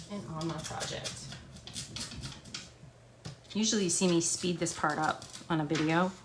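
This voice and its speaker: Chatty Canadian woman teaching a craft. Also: on the low side. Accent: English Canadian. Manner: chatty, talks through each step while working. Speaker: furniture painting demonstrator. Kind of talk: live craft tutorial. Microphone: camera on a stand. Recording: echoey room with background noise.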